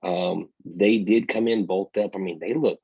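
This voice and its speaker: A man's voice: low voice, fairly even intonation, a little slow, vocal fry, darkish tone, husky, no echo, lo-fi sound. A man co-hosting a casual sports podcast, talking energetically and straight to his listeners. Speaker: podcast co-host.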